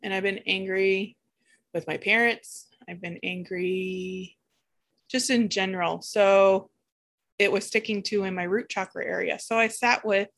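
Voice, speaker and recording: A woman at an ordinary middle pitch talks through a spiritual reflection in a searching, halting way. She often breaks off and restarts her sentences as she looks for the right words. Her delivery stays candid and emotionally open throughout. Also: fairly even intonation, creaky, a bit bright. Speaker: spiritual vlogger. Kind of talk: personal spiritual reflection monologue.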